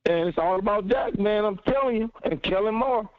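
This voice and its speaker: A man's voice: sits high, a little fast, music in the background. A man calling in to a sports talk show, insistent and fired up, repeating his points over and over. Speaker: caller. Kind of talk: heated call-in sports talk. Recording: dull lo-fi phone-in audio.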